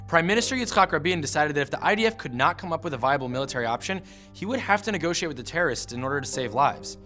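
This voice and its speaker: A man narrates a scripted history explainer at a rapid clip, with a bright, forceful edge to his voice. He tells the story punchily and drops in wry asides. His voice sits a little high, over soft background music. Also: expressive.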